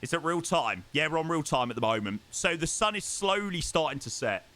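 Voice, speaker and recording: A man's voice: on the high side, lively intonation, fairly quick, bright, forceful tone. A young man, chatting casually with viewers on a live stream and thanking them by name.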